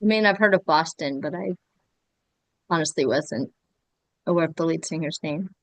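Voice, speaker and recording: A woman on a podcast panel, adding short deadpan quips in casual chat. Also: sits low, normal speed, no echo.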